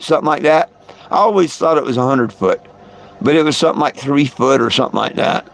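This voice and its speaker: A man with a mid-range, gravelly voice speaks briskly while hosting a live stream. He tells viewers a long, rambling story, repeating his words and chuckling between lines.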